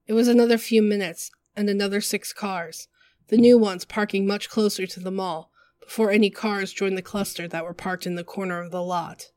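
A woman narrating a work of fiction in a measured, vivid storytelling manner. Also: mid-range voice, a little mellow, no room sound.

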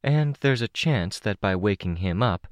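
A man's voice: on the low side, animated, normal speed, dry recording, studio quality, pitched above the performer's own voice, close to an everyday voice. A man doing a young woman teammate, lightly raised.

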